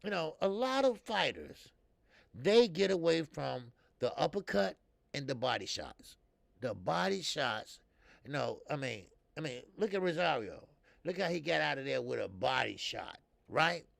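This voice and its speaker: A man's voice: a little high, vocal fry, no echo. A middle-aged man hosting a boxing live stream, chatting loosely and greeting viewers by name. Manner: loose and chatty, shouts out viewers, many fillers. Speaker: boxing livestream host. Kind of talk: casual live-stream chat.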